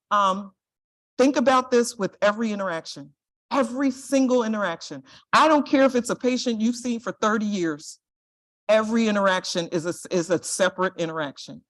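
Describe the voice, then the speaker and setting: Woman, middle-aged, guest lecturer; plain mid-pitched voice, direct and earnest delivery. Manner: earnest, direct, asks "right?" often. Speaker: guest speaker, compliance and privacy officer. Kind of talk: lecture presentation.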